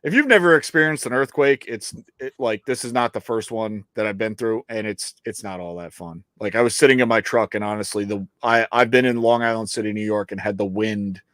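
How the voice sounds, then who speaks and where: A man co-hosting and producing a live outdoor show in New York chats casually on a live stream, rambling, joking, swearing, and often restarting his sentences. His voice is lowish and fairly bright, a little fast with few pauses, and the recording is dry.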